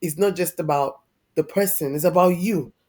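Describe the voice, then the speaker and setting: A woman in her thirties with a fairly low voice. She tells a personal story as a podcast guest, openly and reflectively, her feeling close to the surface. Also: moderate pace, darkish tone. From Nigeria. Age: 30s. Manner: heartfelt, reflective, openly emotional.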